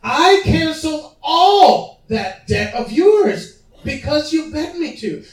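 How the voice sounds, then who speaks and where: A man voicing an angry king who rebukes a servant, shouting slowly and with emphasis. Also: very high voice, voice pushed up, full character voice. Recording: roomy hall, mic at a distance.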